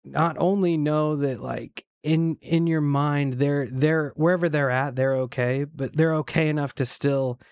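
A man co-hosting a podcast, talking in an earnest, halting way and often restarting mid-thought. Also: on the high side, steady tone, a little mellow, clean tone, no echo, clean studio sound. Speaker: podcast co-host. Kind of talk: casual chat.

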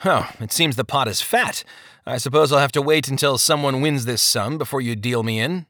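A man's voice: medium pitch, moderate pace, fairly bright tone, dry recording, clean studio sound, voice pushed up, natural voice. A man voicing a brash young card player who answers curtly and irritably. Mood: sly. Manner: curt, irritable.

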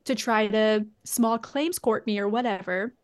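A woman's voice: medium pitch, measured pace. A woman telling a personal story in a rambling, casual way, full of asides and quoted reactions. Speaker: podcast co-host.

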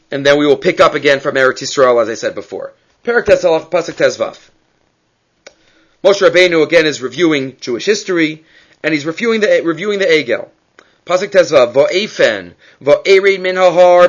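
A man's voice: on the high side, fairly bright tone, muffled recording. A man teaching an evening text study class, reading passages aloud and then explaining them with rhetorical questions. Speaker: Torah teacher.

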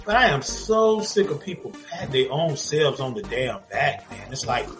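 A man's voice: mid-range voice, normal speed, faint music behind. A man co-hosting a podcast, venting in casual slangy chat with lots of repetition. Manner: animated, repetitive, slangy ranting. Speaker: podcast co-host.

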